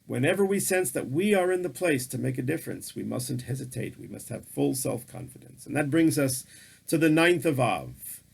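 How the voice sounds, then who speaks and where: A man teaching a religious lesson in sermon style, telling a story with lively emphasis and acted-out quotes. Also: mid-range voice, moderate pace, creaky, breathy edge.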